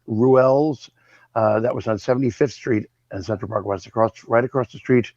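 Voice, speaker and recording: A man in his sixties, a guest on an interview show, telling lively anecdotes and acting out the voices of the people in them. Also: medium pitch, no room sound, highs cut off. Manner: animated, acts out voices in his stories. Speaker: guest, original cast member. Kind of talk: anecdotal storytelling.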